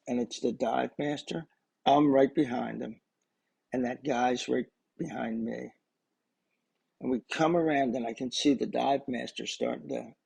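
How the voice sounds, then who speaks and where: A man's voice: medium pitch, creaky, mellow, husky, poor audio. An older man telling a personal story in a casual, rambling way, often restarting and adding asides. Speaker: storyteller recording memories for his grandchildren.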